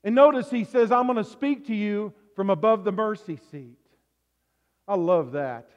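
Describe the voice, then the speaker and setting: Male pastor with a very high voice, swings from hushed to shouting, echoey church hall, muffled lo-fi recording. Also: normal speed. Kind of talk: sermon. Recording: echoey hall, dull lo-fi sound.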